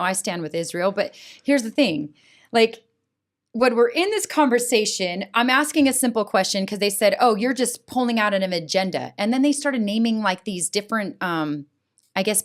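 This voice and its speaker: A middle-aged woman, a guest on a podcast, telling a heartfelt personal story in an earnest, animated way and often asking "right?". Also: mid-range voice. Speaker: school board president, guest. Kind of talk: emotional personal testimony in a podcast interview.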